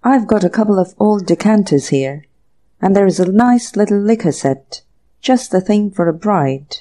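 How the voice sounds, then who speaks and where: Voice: mid-range voice, lively intonation, normal speed, mellow, lightly acted. A narrator voicing a truculent, very old woman shopkeeper with a forbidding, brusque manner in an audiobook. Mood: pushy.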